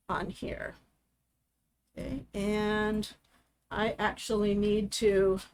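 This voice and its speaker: A woman's voice: medium pitch, a little hiss or hum. Chatty woman demonstrating a craft. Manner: chatty step-by-step explaining. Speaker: craft host.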